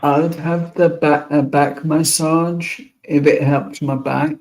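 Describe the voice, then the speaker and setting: Slow, gravelly, tired man. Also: a little high, little pitch movement, a little mellow, a little hiss or hum, rough recording. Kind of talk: casual live-stream chat.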